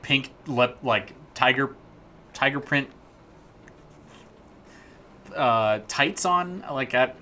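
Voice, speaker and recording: Bright-voiced man rambling on a dev stream. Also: mid-range voice, a little hiss or hum. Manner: rambling, playful, jokey asides. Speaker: indie game developer streaming his work. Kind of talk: casual live-stream chat.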